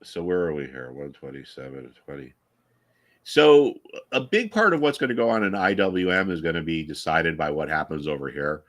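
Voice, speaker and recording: Deep voiced guy on a trading livestream, lots of ups and downs in his voice, opinionated, keeps restarting. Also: lively intonation, normal speed, a bit bright. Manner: rambling, opinionated, many restarts and fillers. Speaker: trading educator hosting a live market stream. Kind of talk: casual live-stream market chat.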